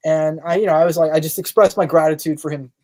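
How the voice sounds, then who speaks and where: An American man, a guest on a podcast, telling an anecdote in a casual, animated way with lots of fillers and restarts. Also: fairly high pitch, quick pace. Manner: animated anecdote-telling, acts out others' lines; loose, filler-heavy talk with restarts. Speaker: guest, magazine editor.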